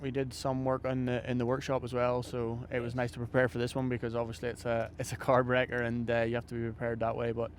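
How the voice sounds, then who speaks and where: A man talking quickly as a rally driver, measured and reflective in what he says. His voice is mid-pitched, with faint ambient noise behind. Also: completely flat delivery. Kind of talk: interview answers.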